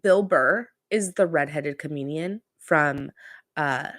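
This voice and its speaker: Chatty woman host, low dry voice. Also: takes it slowly, fairly bright tone, dry recording. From Southern California. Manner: chatty, rambling with many fillers and self-corrections. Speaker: podcast host. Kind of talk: casual pop culture chat.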